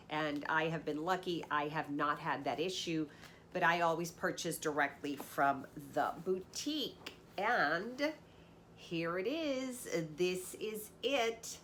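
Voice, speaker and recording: A woman's voice: sits low, a bit bright, a little hiss or hum. A woman in her fifties with a congested, nasal voice from a sinus cold, chatting enthusiastically as host of her luxury unboxing channel. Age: 50s. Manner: enthusiastic, chatty, drawn-out emphasis on words. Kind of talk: casual direct-to-camera chat.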